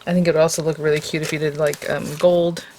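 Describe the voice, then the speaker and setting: A woman's voice: sits low, level tone, fast, a little mellow, slight background noise. A woman hosting a casual step-by-step craft tutorial, chatty and enthusiastic and talking straight to her viewers.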